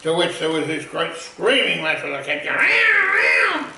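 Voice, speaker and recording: A man spins a rambling, animated comic yarn with a gravelly, bright voice that sits a little high. He sounds far from the mic, in a very echoey room. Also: a little fast. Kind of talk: comic anecdote storytelling.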